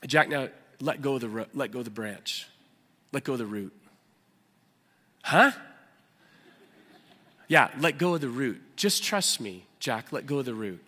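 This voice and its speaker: Preacher playing Jesus, steady and gently instructive, in a bright, clear tone. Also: male voice, medium pitch, measured pace, long pauses, long reverb tail. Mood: calm. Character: calm, patient voice of Jesus.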